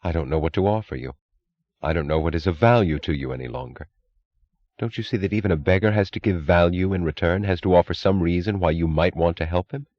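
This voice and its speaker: A man's voice: sits low, fast talker, darkish tone, no room sound. Audiobook: a determined woman executive, read by a male narrator, restrained and precise, dull dry studio sound. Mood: earnest.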